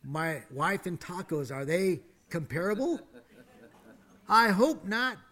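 A male pastor preaching a sermon, dropping to hushed whispers and then rising to loud, emphatic declarations, and asking the congregation to say lines with him. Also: sits high, sing-song, slow. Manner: invites the congregation to speak along.

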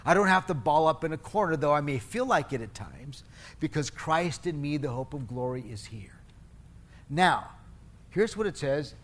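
A man's voice: a little high, lively intonation, normal speed. A middle-aged male pastor preaching a sermon in a conversational, storytelling way, restarting phrases and poking fun at himself. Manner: conversational preaching, storytelling with self-mocking humor; restarts and self-corrections mid-phrase.

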